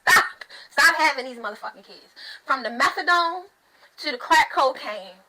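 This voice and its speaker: A woman's voice: high-pitched, a little fast, bright, forceful tone, low-quality recording. A woman and mother giving a blunt, profane rant to camera, repeating phrases for emphasis. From United States. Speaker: mother of two, online host. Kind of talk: ranting commentary to camera.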